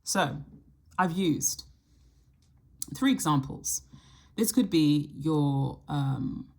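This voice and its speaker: A woman hosting her astrology channel, talking casually to camera and thinking aloud in a reflective way, with the odd soft laugh. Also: deep voice, expressive, extremely slow. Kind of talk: casual solo talk to camera.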